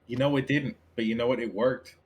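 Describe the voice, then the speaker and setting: A man's voice: mid-range voice, fairly even intonation, a little fast, slight background noise, natural voice. A man voicing a chatty, affable skeleton who talks in a dry, offhand, joking way. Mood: teasing.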